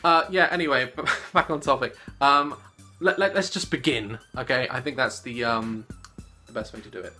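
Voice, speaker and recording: A man in his late twenties answers fan questions to camera in a casual, giggly, animated way. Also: moderate pace. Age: 20s. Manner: giggly and animated, jumping into squeaky voices. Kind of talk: casual Q&A vlog. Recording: soft music playing underneath.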